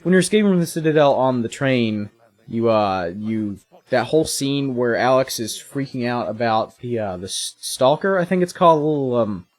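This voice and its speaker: A young man in his twenties giving casual, rambling commentary while playing a video game, making jokes and breaking into excited outbursts. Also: medium pitch, moderate pace. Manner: rambling, jokey, excitable asides. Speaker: let's play host.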